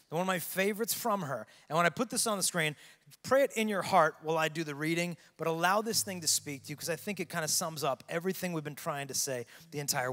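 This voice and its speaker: Earnest male preacher in a reverberant arena. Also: fairly high pitch. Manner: earnest storytelling, swings between hushed and loud. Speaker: youth conference keynote speaker. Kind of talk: preaching to a large youth audience. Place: large arena with long reverb. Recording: long hall reverb.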